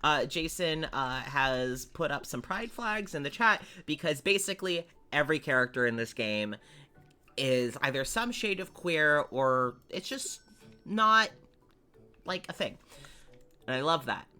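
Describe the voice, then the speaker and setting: Streamer, woman: low but bright voice, lively delivery, chatty game commentary. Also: measured pace, faint music behind. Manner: chatty and explanatory, with small laughs. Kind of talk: casual let's-play commentary.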